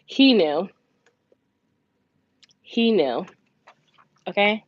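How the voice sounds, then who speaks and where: Speaking very slowly, a mother who vlogs about budgeting chats to camera in a casual story, animated and swearing freely. She voices other people's lines in a raised pitch, and the audio is dull, lo-fi, with faint noise.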